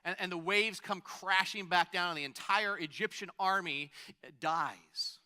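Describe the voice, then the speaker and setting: A man's voice: sits high, a little slow, sharp tone, clear, resonant tone. A man preaching a sermon in a conversational way, stopping to restart phrases and add asides. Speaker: pastor.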